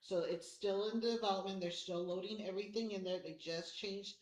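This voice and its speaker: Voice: medium pitch, fairly even intonation, fairly quick. A staff member explaining office paperwork at a meeting in a run-on, step-by-step way. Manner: explanatory, run-on, talks through the process. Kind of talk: casual office meeting talk. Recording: echoey meeting room.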